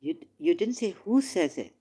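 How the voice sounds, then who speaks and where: A woman's voice: fairly low pitch, very animated, normal speed, dark tone, husky. A woman in a heated religious debate who reads verses aloud and insistently corrects the other speaker. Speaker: debate participant.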